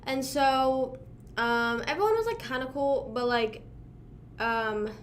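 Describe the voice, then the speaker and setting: A woman's voice: sits high, big pitch swings, slow pace, a little hiss or hum. A young woman from Pennsylvania chatting casually with live viewers, rambling and self-deprecating, full of fillers. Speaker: livestream host.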